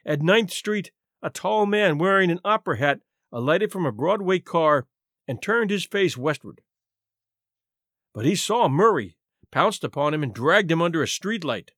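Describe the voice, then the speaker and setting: A man narrating a classic short story aloud with an expressive, theatrical reading. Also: fairly high pitch, dry recording, clean studio sound. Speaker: narrator and podcast host.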